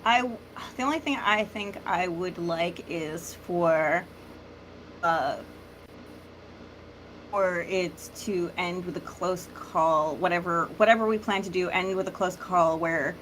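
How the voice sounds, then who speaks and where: A woman's voice: lowish voice, slow pace, a bit bright, slight background noise. A woman playing a tabletop role-play game, describing her moves hesitantly with many fillers. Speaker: player.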